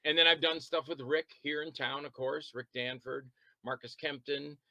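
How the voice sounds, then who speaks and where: A man chatting as an interview guest, telling long rambling stories about making films, quick to laugh and to act out what others said. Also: on the high side, little pitch movement, sharp tone, no room sound, poor audio. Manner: rambling anecdotal storytelling. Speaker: interview guest, independent filmmaker and actor. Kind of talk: casual interview chat.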